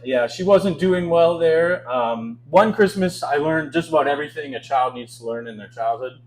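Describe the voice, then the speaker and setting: A Canadian stand-up comedian in his twenties works a club stage with a handheld mic, telling self-deprecating stories in a wry, chuckling way. His voice is fairly high with a darkish tone, at a moderate pace. The recording is rough.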